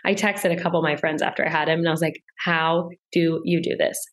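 Give me a chatty young woman with a slightly low voice, speaking as an interview guest. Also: fairly even intonation, quick pace. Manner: chatty, many filler "like"s. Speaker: podcast guest. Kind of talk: casual interview chat.

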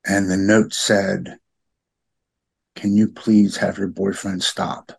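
A middle-aged man with a halting, heartfelt way of talking, often repeating words as he opens up in a personal conversation. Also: low voice, flat delivery, gravelly, breathy edge. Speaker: podcast guest.

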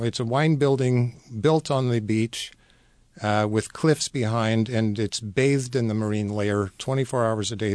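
A man guest on a radio show explaining wines in a knowledgeable, measured way with many fillers. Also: mid-range voice, no echo. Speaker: wine importer guest. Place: radio studio.

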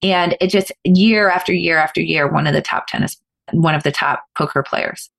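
Woman with a gravelly, lively storytelling voice. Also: low-pitched. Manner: animated, fast-flowing anecdotes with restarts. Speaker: guest, former professional poker player. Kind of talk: storytelling in a podcast interview.

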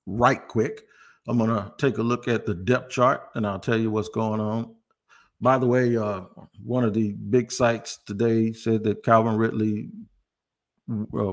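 A man's voice: fairly low pitch, vocal fry. A man hosting a casual sports talk show, speaking in a chatty, conversational way with wry asides. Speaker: sports podcast host.

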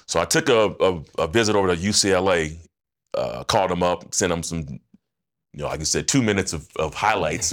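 A man in his fifties, a former football player, telling stories as a guest on a podcast in an animated, laughing, slangy way. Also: sits low. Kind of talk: casual podcast storytelling.

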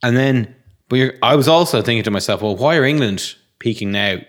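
A man's voice: medium pitch, fairly quick. A man co-hosting a podcast in casual sports chat, talking hesitantly with many fillers. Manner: hesitant, full of "like" and restarts. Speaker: podcast co-host.

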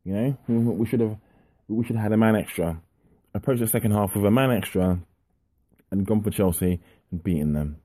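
Fairly low-pitched and dark-toned, a football fan commentator rants at a fairly quick clip about a lost match. His frustrated, impassioned monologue circles back on itself with repetition, recorded without echo.

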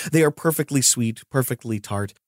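A man's voice: mid-range voice, a little mellow, no room sound, clean studio sound. A man narrating a tabletop game as game master, describing scenes in detail.

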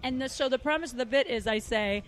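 A woman's voice: high voice, fast. A woman comedian in her thirties hosting a podcast, telling stories in a brash, candid, profane way. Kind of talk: casual podcast chat.

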